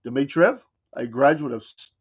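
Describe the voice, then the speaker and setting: This morning talk show host, a man with a Southern American accent, delivers a casual talk radio monologue full of folksy, wry riffs and mocking asides. His medium-pitched voice moves at normal speed with a breathy edge, and the sound is phone-quality.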